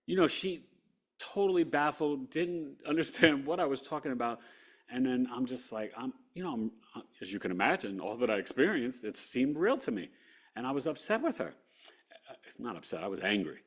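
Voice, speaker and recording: A man's voice: medium pitch, fairly quick. A man as an interview guest, earnestly recounting a personal story and acting out what people said. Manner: earnest, animated, acts out quotes.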